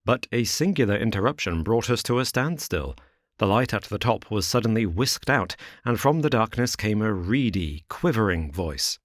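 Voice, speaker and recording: A man narrating a classic detective story in a measured, even reading. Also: fairly low pitch, no echo, studio quality. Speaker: audiobook narrator. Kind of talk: scripted narration.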